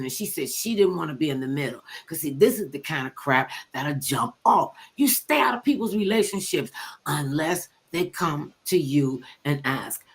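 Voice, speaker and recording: An older woman hosting a talk show, telling stories in blunt, animated casual chat and acting out quotes. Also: on the low side.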